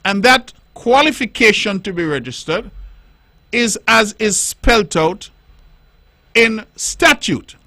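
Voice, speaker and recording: Emphatic middle-aged radio host. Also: male voice, high voice, expressive, pushed and bright, no room sound. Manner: emphatic, deliberate, explains point by point and repeats for stress. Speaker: politician hosting a radio call-in show. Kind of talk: radio talk monologue. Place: radio studio.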